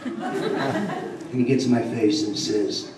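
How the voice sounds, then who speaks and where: A man telling a rambling, animated story to a convention audience, acting out the dialogue. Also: mid-range voice, slow pace, over a noisy crowd, heavy background noise. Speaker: convention panel guest. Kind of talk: storytelling anecdote to a live audience. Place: large convention hall. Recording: echoey hall, mic heard from far off. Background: audience laughing.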